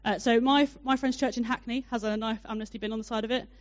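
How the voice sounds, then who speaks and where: A young woman preaching a sermon, telling a personal story in a chatty, animated way with many fillers. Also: fairly high pitch, quick pace. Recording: dull lo-fi sound.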